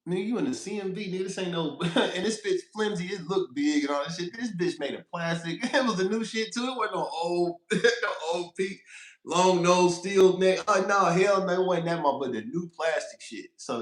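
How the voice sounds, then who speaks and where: A man's voice: a little high, expressive, normal speed, echoey room. A man who drives trucks, telling a rambling, profane road story on a casual livestream, laughing as he goes.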